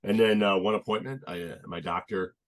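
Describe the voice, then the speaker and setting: Very deep-voiced young man telling his story. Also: steady tone. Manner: earnest, halting, many restarts and "like". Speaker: podcast guest. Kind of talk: casual conversational storytelling.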